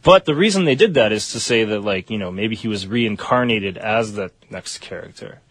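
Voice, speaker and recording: A man with a mid-pitched, husky voice co-hosts a radio show and explains things at length in a chatty way. His voice is dry and close on a studio mic. He leans on fillers as he talks. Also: moderate pace, fairly bright tone, no room sound. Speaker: radio co-host. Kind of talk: casual radio chat. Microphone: studio microphone.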